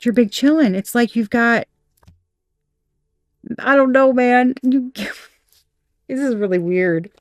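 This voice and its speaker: A woman's voice: on the high side, slow, long pauses, no room sound, studio quality. A woman giving a casual tarot reading, candid and profane, laughing often and acting out little quoted voices. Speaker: tarot reader.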